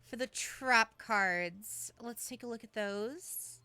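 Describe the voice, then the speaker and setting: A woman streamer chatting casually on a livestream as she coaches a friend through building a deck. Her voice is bright and crisp, and the sound is dry and close. She talks loosely, with frequent fillers and restarts. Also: fairly high pitch, takes it slowly, no room sound.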